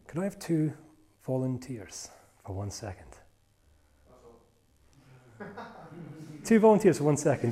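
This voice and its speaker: Animated, lively-voiced male seminar speaker. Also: medium pitch. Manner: playful, animated, jokey with volunteers. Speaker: motivational speaker. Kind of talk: live seminar talk to an audience.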